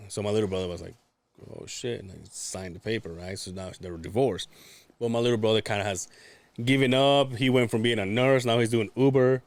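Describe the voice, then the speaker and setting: A man's voice: on the low side, normal speed, no echo. Man, podcast guest, loose, profane raconteur, dry close sound. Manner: profane storytelling, acts out quotes. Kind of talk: casual podcast chat.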